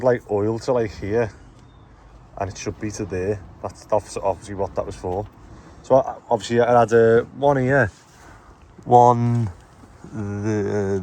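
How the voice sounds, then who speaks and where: This construction boss and vlogger has a fairly low, darkish voice. On site, he keeps the mood light, bantering with his team and laughing frequently as they chat.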